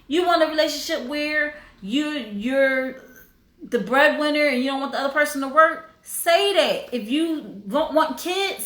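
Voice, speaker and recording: A woman's voice: sits high, pushed and bright, roomy sound. A woman hosting a casual livestream, talking in an emphatic, preachy way and sometimes breaking into song. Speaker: host.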